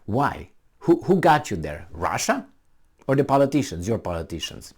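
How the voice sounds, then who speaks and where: A man's voice: medium pitch, sing-song, normal speed, darkish tone. A middle-aged man giving a combative, sarcastic commentary full of rhetorical questions. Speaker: political commentator. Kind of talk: ranting commentary.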